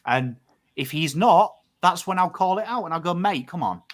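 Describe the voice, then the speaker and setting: A man's voice: high-pitched, lively intonation, normal speed. An emotive Australian man co-hosting a casual podcast, talking emphatically, swearing freely and acting out what he tells his mates. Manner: acts out quotes of mates in conversation. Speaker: podcast co-host.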